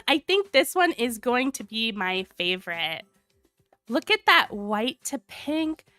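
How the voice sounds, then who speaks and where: Livestream host, female, a little sick with a cold, sultry tone, slow and animated, dry close sound. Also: no room sound. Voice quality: low sultry tone. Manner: gushing, reads viewer comments aloud. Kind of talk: casual livestream chat.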